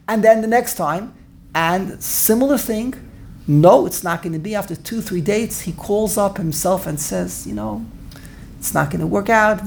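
Telling a story to her study group, a woman keeps restarting, repeats herself, and laughs along the way in an animated manner. Her voice sits at medium pitch with some vocal fry.

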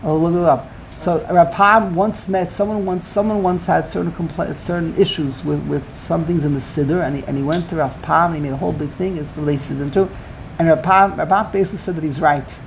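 A woman's voice: low voice, steady tone, brisk, a little hiss or hum. A woman teaching a Torah class, emphatic and digressive, peppering her speech with Yiddish and Hebrew terms. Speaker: Talmud teacher.

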